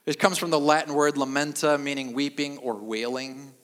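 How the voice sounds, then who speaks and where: Deadpan preacher in a reverberant hall. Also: male voice, on the high side, normal speed. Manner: deadpan, self-mocking humor with emphatic repetition. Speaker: pastor. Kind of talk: sermon. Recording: long reverb of a large hall.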